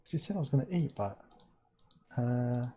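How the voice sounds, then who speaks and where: A woman hosting a casual live stream, chatty and quick to react with wows. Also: extremely low pitch, animated, mellow, breathy edge. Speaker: host.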